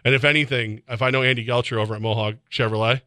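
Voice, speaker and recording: A man hosting sports radio, talking animatedly with laughs and sudden shouts, reading ads in a studio. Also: mid-range voice, steady tone, very fast, no echo. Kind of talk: casual sports radio banter with live ad reads. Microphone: close studio mic.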